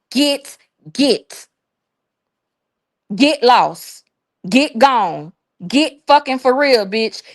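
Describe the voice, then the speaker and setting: High-voiced woman ranting on a livestream. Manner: profane, mocking, drawn-out repetitions. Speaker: livestream host. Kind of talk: casual livestream rant.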